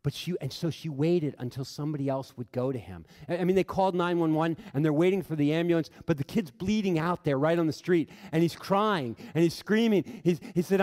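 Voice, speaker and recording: A man's voice: a little high, fast, few pauses, a little mellow. A middle-aged man giving an impassioned talk to an audience as a humanist chaplain, an earnest storyteller who repeats phrases for emphasis. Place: large hall before an audience. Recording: long hall reverb.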